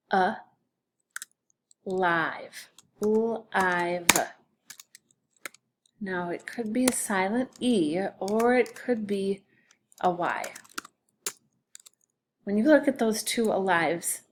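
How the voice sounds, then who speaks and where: Slow, patient woman teaching spelling. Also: medium pitch, slight background noise. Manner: slow, patient, sounding out syllables. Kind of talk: recorded spelling lesson for children.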